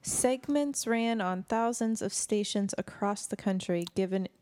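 A woman's voice: medium pitch, unhurried, a little mellow, no room sound. A woman co-hosting a talk show, hesitant and stumbling as she tries to steer the talk. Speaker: co-host. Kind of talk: casual talk show chat.

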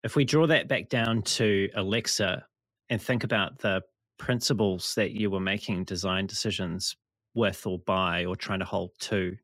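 A man hosting an interview, asking measured, thoughtful questions. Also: sits low, a bit bright, no room sound. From New Zealand. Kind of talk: casual interview.

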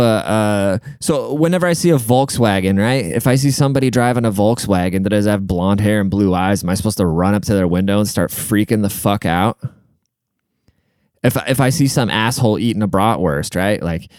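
This young man's voice sits on the low side, darkish yet clear and resonant, captured in a clean studio with no echo. His casual rant is sarcastic, profane and meandering, broken up by moments of looking things up and occasional breathlessness.

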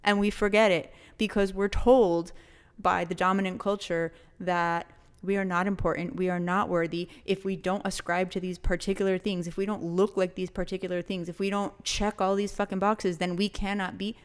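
A woman's voice: medium pitch, level tone, moderate pace, clear, resonant tone. A young woman co-hosting a podcast, talking with passion and emphasis, swearing freely and mixing in Spanish words. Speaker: podcast co-host. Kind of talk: casual podcast chat.

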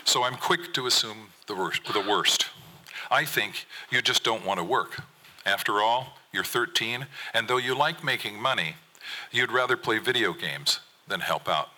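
A man's voice: fairly low pitch, expressive, measured pace, bright, forceful tone, low-quality recording. A man, a fisherman poet, reading a personal story aloud in an intense, earnest manner at a live event on a theater stage.

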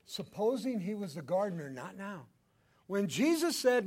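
Older male preacher, high and animated. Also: moderate pace, slightly rough. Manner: animated preaching, swinging from loud to hushed. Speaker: pastor. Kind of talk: sermon.

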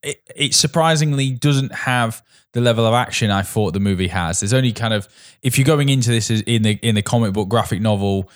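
A man's voice: lowish voice, a little fast, hardly any pauses. A man co-hosting a podcast in casual film chat, with a dry, teasing manner. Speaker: podcast co-host.

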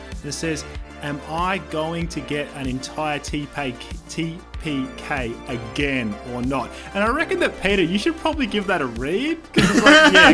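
An Australian man with a slightly high voice, chatting loosely as he plugs the show's website. He laughs through his words, with music clearly audible behind him. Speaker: podcast player. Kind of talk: casual podcast plug.

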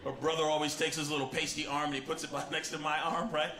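Animated stand-up comic man, echoey club. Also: fairly high pitch, fast talker. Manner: animated storytelling, shouting when acting out others. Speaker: stand-up comedian. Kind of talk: stand-up comedy set. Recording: echoey club with loud crowd. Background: audience laughter and noise.

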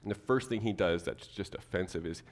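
A man preaching a sermon to his church, animated, acting out the people he quotes. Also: sits low, brisk, in a large hall. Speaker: pastor.

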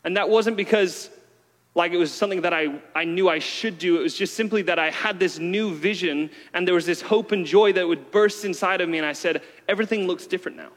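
A man's voice: high voice, a little fast, a bit bright. A man preaching a casual, conversational sermon with many fillers. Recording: long hall reverb.

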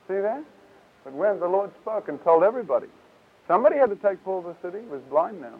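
Man preacher, high voice, animated and folksy; tinny lo-fi tape sound. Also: a little fast. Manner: lively, casual, acts out scripture voices. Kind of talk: Bible teaching talk.

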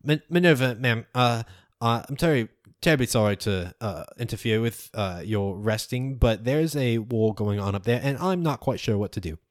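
A man's voice: mid-range voice, fast, no echo, clean studio sound, pitched above the performer's own voice, natural voice. A man voicing a nervous, apologetic winged guard who stammers and rambles. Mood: flustered.

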